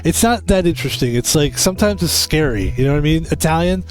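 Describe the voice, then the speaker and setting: A man's voice: a little high, lively intonation, fast talker, soft background music. Rambling, swearing American streamer guy. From United States. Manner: rambling, loose and swears often. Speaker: game streamer and host. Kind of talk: casual stream chat while gaming.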